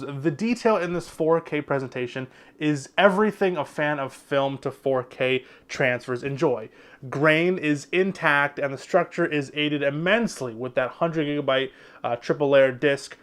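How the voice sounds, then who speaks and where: A man's voice: fairly high pitch, moderate pace. A man giving an enthusiastic, casual spoken review of a home video release. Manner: enthusiastic, lively, gushing about details.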